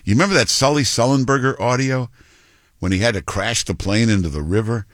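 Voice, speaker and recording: A man's voice: mid-range voice, fairly quick, fairly bright tone, no echo, clean studio sound. A male talk radio host giving blunt, mocking commentary with many fillers and restarts.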